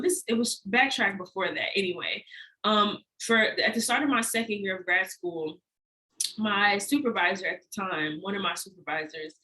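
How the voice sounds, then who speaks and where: A woman's voice: medium pitch, bright, forceful tone, rough recording. A young woman in a candid personal vlog, telling a painful story and laughing often, near tears at times. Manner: candid, emotional, laughs often mid-sentence. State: holding back tears. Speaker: life and healing coach.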